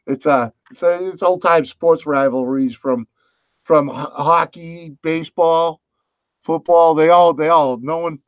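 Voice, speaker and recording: Guy hosting a stream, slow and easygoing, laughs a lot, dull lo-fi audio. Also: a little high, fairly even intonation, no room sound. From New England, US. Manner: laughs often, halting and easygoing. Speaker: live stream host. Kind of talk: casual chat.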